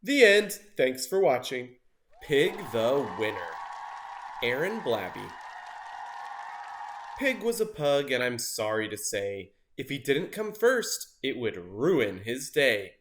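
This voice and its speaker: A man reading a rhyming picture book aloud with lively expression, jumping into loud character voices. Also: mid-range voice, slow pace. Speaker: storybook reader.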